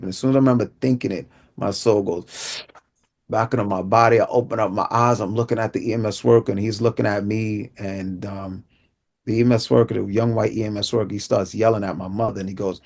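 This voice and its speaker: A man's voice: on the low side, steady tone, quick pace, vocal fry, a little mellow. A man who is an inspirational speaker, telling his life story as a vivid testimony and acting out the dialogue. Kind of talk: personal testimony.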